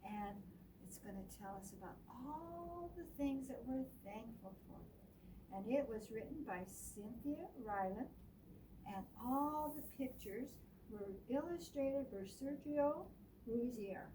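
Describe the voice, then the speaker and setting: A woman, a children's librarian, reads picture books aloud in a library with an animated, expressive storytelling manner. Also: on the high side, slow pace. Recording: distant mic with faint room hiss.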